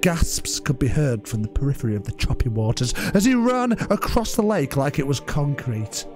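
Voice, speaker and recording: Bloke co-hosting a podcast, reading a daft story all mock serious, voice jumping up and down a lot. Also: male voice, fairly high pitch, a little mellow. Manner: reads an absurd tale with mock-solemn narration and laughs. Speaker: podcast co-host.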